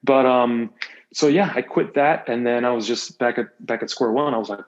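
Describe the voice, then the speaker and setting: A man's voice: medium pitch, moderate pace. A man in his thirties, a podcast guest, talking earnestly and reflectively about his life. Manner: earnest, reflective, opens up freely. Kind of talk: candid personal storytelling. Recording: slightly dull, muffled audio.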